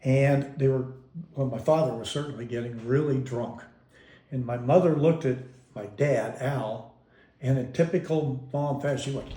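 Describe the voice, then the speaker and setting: A man in an interview wanders through old family memories, breaking off and restarting sentences with an amused, chuckling ease. His voice sits at a mellow, warm tone of middle pitch. The recording carries a roomy echo around him. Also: moderate pace. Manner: rambling, self-interrupting, amused storyteller. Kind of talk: casual reminiscing.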